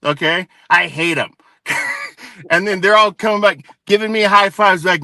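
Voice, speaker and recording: A man's voice: a little high, normal speed, sharp tone, no room sound. A man hosting a casual live panel chat, telling stories and teasing his guests. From Tonga. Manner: joking, storytelling, says dude often. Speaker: host.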